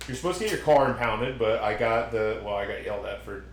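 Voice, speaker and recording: A man's voice: fairly low pitch, fast talker, slight background noise. A young man hosting a podcast, telling rambling stories full of swearing and acted-out quotes. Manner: rambling storyteller, swears a lot, acts out quotes. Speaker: podcast host. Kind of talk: casual chat. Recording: roomy echo.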